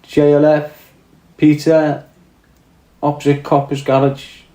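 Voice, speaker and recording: This podcast host, a man with a Scouse accent, rambles through a casual live-stream chat and reads viewer comments aloud. His fairly high voice is mellow, slow and monotone, and the room around him echoes.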